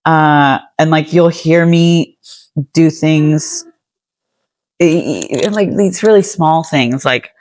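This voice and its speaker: A woman's voice: sits low, slow, a little mellow, dry recording. Chatty woman, American accent with Antipodean touches. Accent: American with some Australian and New Zealand traits. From United States. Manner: chatty, frequent "like" fillers. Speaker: guest poet. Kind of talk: casual interview chat.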